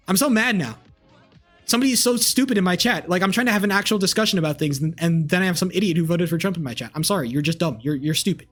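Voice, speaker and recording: A man's voice: on the high side, a bit bright. A man in his twenties, a streamer, ranting angrily at his live chat with lots of swearing and repetition. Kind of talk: heated rant to live chat.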